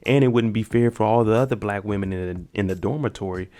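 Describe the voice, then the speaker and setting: A man's voice: on the low side, quick pace. Man casually retelling a show's episode. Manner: animated retelling, acts out characters' lines. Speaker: show recap host. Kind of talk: casual spoken episode recap.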